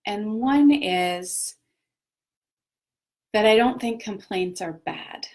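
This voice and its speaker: A woman's voice: medium pitch, very slow, a little mellow. A woman, a parent, hosting a casual live talk on personal growth, chatty and reflective, with many fillers and self-corrections. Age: adult parent of children. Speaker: host of a live video talk.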